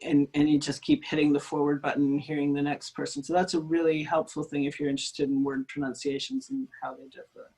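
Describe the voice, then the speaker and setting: A woman's voice: low-pitched, little pitch movement, quick pace, few pauses, dark tone, slightly rough, poor audio. Woman, linguist guest, chatty, self-deprecating, um-filled speech, video call audio. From United States. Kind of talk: conversational interview.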